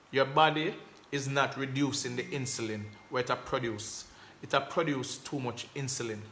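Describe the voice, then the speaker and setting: A man with a Jamaican accent hosts a casual live stream, speaking emphatically in patois phrasing and reading out viewer comments. His voice is medium-pitched with a fairly bright tone.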